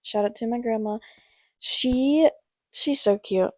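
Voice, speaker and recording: Woman podcast co-host, playful storyteller, a bit high, dry close sound. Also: slow pace, darkish tone, dry recording. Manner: laughing storyteller, chatty and playful. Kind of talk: casual chat.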